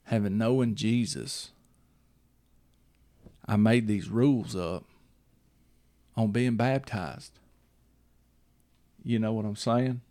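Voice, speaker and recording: A man's voice: fairly low pitch, slow, pauses often, warm tone, dry recording. A man hosting a casual chat, rambling and repeating himself while he checks that the listener follows. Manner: rambling, repeats himself, checks in with "you see what I'm saying".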